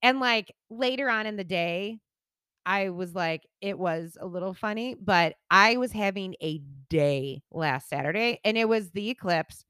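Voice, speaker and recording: A woman's voice: medium pitch, measured pace, fairly bright tone, clear, resonant tone, dry recording, clean studio sound. A woman in her forties, a podcast co-host, telling a story in casual chat, acting out the quotes and swearing freely. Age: 40s.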